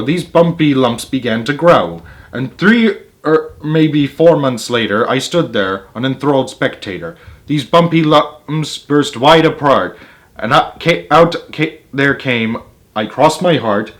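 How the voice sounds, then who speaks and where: Expressive man reading rhymes aloud. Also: a little high. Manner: lively, expressive rhyming delivery. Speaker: storyteller. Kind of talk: reading a children's poem aloud.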